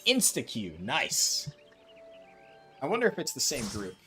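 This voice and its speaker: A man from New Jersey chatting casually while streaming a video game, relaxed and talkative as he reacts to his chat. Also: mid-range voice, slow, soft background music. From New Jersey, USA.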